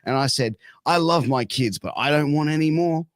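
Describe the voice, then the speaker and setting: A man's voice: fairly high pitch, moderate pace, no room sound. A man in his thirties with an Australian accent, telling a crude story in casual chat and swearing a lot. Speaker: podcast guest.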